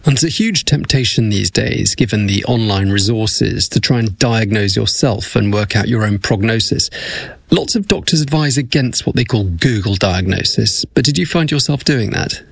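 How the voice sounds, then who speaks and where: A man interviewing a patient, asking gentle, measured questions. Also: fairly low pitch, expressive, vocal fry, dry recording, studio quality.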